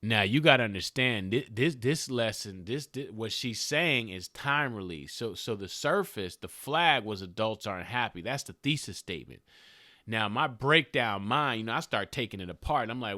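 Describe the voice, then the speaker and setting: A middle-aged man hosting a podcast, talking in a motivational monologue, animated, with loud peaks and hushed asides. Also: fairly low pitch, moderate pace, dry recording, clean studio sound. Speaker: podcast host.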